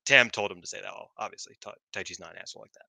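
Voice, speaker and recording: A man's voice: deep voice, racing, vocal fry, bright, forceful tone, no room sound. A man co-hosting a casual chat, rambling and swearing, full of fillers. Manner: rambling, profane, lots of fillers. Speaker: podcast co-host. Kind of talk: casual chat about pro wrestling.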